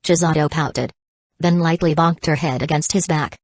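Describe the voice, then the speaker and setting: A woman narrating a romance novel audiobook in a measured, even storytelling voice. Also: low-pitched. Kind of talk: scripted narration.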